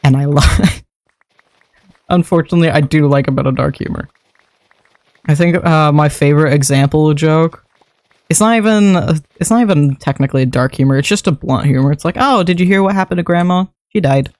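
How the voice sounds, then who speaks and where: A young adult streamer talks through a building session in a loose, rambling way, laughing often and swearing casually. The voice sits at a middling pitch. It is recorded close on a desk mic with a dry sound and no room echo. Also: normal speed, a little mellow. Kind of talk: casual livestream chat while building in a game.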